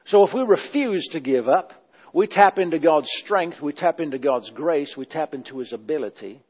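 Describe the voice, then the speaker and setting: A man with a fairly high voice preaches a sermon with emphasis, repeating phrases over and over. His voice rings in a long hall reverb, and the recording sounds dull. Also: lively intonation, normal speed, breathy edge.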